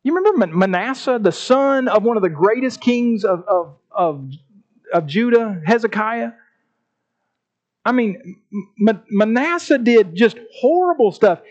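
A man preaching a sermon, with emphatic, drawn-out phrases and repeated words. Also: sits high, expressive, lo-fi sound. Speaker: pastor.

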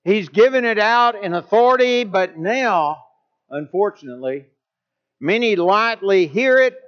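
Man, preacher, sermon, emphatic, high voice, dull lo-fi recording. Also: expressive, a little slow, clear, resonant tone. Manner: emphatic, with pitch rising on key points.

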